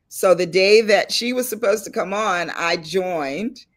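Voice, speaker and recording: A middle-aged woman hosting a casual chat and telling stories with animated delivery. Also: medium pitch, normal speed. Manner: lively storyteller, animated and laughing. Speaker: host. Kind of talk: casual chat on a video call panel.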